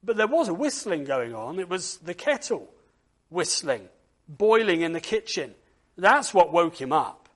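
A man with a high voice leads a church service and tells a story slowly. He reads aloud expressively and fills his pauses with "uh". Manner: expressive read-aloud with frequent uh fillers. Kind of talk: storytelling children's talk.

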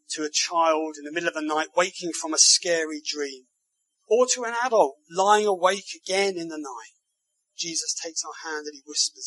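A man delivers a sermon in a high voice, building his phrases with emphasis and turning to the congregation with rhetorical tag questions. His tone is bright and forceful, and the sound is dry and close, with no room echo. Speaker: preacher.

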